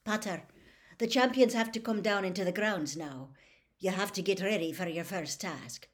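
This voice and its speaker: A woman reading a storybook aloud, voicing a stern but anxious older female teacher giving firm, brisk instructions. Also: medium pitch, lightly acted.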